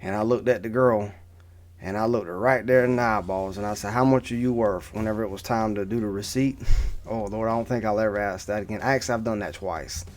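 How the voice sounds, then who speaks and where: A man's voice: fairly low pitch, fairly quick. A man in his thirties talking casually to camera, rambling through a personal story with many restarts and asides. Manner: rambling, repeats "right?" and restarts. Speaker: vlogger.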